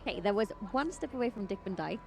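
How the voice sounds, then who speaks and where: A woman's voice: medium pitch, lively intonation, fast, soft background music. A woman chiming in casually from off to the side, teasing. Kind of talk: casual chat.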